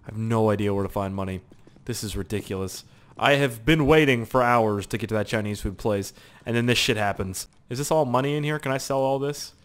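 A young man giving casual, profane gameplay commentary with sudden loud outbursts. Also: fairly low pitch, fairly quick, smooth.

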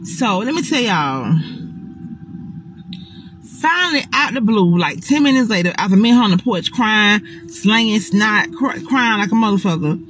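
Animated woman telling a dramatic story. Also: medium pitch, moderate pace, faint music behind, rough recording. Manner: animated, dramatic retelling with frequent swearing; talks straight to the audience. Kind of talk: casual storytime monologue.

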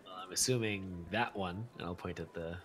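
A man's voice: low voice, moderate pace, a bit bright. A man playing a tabletop game, speaking in a dry, hesitant way. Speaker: player. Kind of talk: tabletop role-play.

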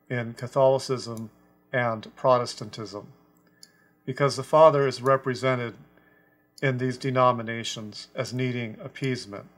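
A man teaching a scripture lesson about a translation, speaking deliberately and stressing quoted words. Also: medium pitch, fairly bright tone. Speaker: Bible teacher.

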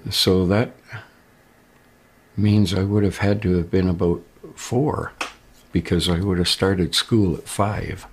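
A man's voice: low voice, fairly even intonation, slow pace, pauses often, a little hiss or hum. A man giving a plain, rambling first-person account as a witness. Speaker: abduction witness.

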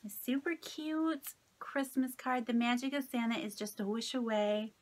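A woman's voice: fairly high pitch, normal speed. A woman in her late thirties opening gifts from friends on her craft vlog, gushing and delighted as she thanks each sender. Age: 30s. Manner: gushing, delighted, soft-spoken. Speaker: craft vlogger. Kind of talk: casual mail-opening vlog.

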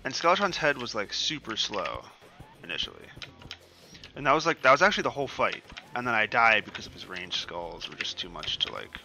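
A man's voice: fairly low pitch, sing-song, a little fast, background noise. A young man giving casual, profane commentary over a game he is playing, rambling and ranting as he goes. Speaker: gaming streamer.

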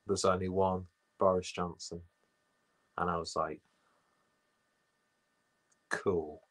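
A man's voice: low-pitched, level tone, slow, a bit bright. Rambling, sweary man on a stream. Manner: rambling, sweary, self-mocking. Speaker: livestream host. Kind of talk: casual chat, reading viewer comments.

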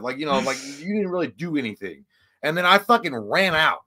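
Guy w a high voice rambling thru a wild story, swearing a lot, yelling out the other people's lines. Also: lively intonation, fast talker, slight background noise. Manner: rambling, profane, acts out voices loudly. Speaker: podcast co-host. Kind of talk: casual storytelling chat.

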